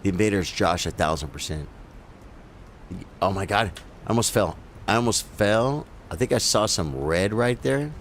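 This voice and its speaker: A man's voice: fairly low pitch, expressive, moderate pace, slight background noise. A man giving casual live commentary as he plays a video game, talking to his viewers as bro and folks. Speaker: gaming streamer.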